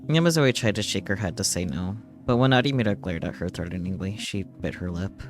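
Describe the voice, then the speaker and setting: Male streamer, deep voice, reads game text with quick joking asides, game music clearly underneath. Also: lively intonation. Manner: dubs lines over the game audio, joking asides. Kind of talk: reading game text aloud with commentary.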